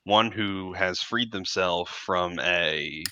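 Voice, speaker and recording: A man running a tabletop game as game master, narrating in a measured way with many fillers. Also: low voice, sharp tone, dry recording, dull audio.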